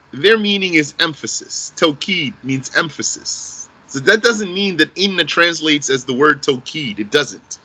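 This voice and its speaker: Man, grammar lesson, very slow, repeats phrases, quizzes the class. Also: on the high side, expressive, bright, forceful tone, slightly rough, poor audio. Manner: explains slowly, repeats key phrases, quizzes the class with a countdown. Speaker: Arabic grammar teacher.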